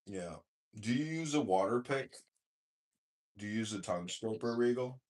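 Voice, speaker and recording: A man with a fairly low voice holds forth in a casual online chat, blunt and crude. He swears freely and rants at length. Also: expressive, normal speed, a little mellow. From Chicago area, US. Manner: blunt, profane, ranting. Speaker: podcast host and mayoral candidate. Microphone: online voice chat room.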